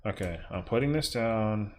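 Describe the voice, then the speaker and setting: A man's voice: fairly low pitch, lively intonation, normal speed, darkish tone, slight background noise. A young man casually commentating his own gameplay on a livestream, swearing in frustration and chatting with viewers. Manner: frustrated, swearing, talking to chat. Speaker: streamer.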